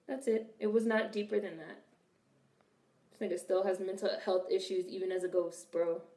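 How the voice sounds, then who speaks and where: A young woman from Washington, D.C. hosts a film reaction video, cracking blunt, profane jokes in casual commentary. Her medium-pitched voice is mellow and steady, moving at a moderate pace. The room is roomy and echoey.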